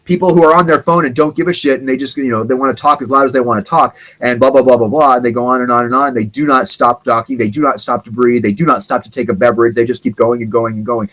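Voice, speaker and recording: A man hosts a casual solo talk show, rambling animatedly and occasionally imitating other people's voices. His pitch is medium, and the audio quality is poor.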